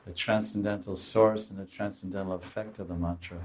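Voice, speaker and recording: A man's voice: deep voice, fairly even intonation, a little fast, a little hiss or hum. A man giving a devotional lecture on scripture. He often restarts and searches for words, and he rises into pleading voices when he quotes the devotees in his stories.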